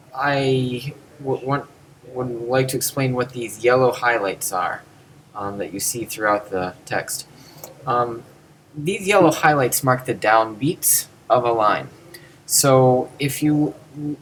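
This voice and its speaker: A man's voice: mid-range voice, fairly bright tone, a little hiss or hum, poor audio. A man giving a screen-recorded lesson, patiently explaining step by step. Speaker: teacher explaining ancient Greek verse.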